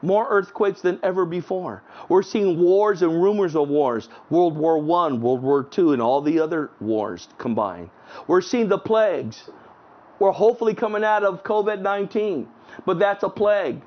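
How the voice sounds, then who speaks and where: A man preaching an online sermon outdoors, fervent, swinging between raised exclamations and hushed low tones, reading scripture aloud with emphasis. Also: moderate pace. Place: outdoors in front of a house at sunset. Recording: dull lo-fi recording.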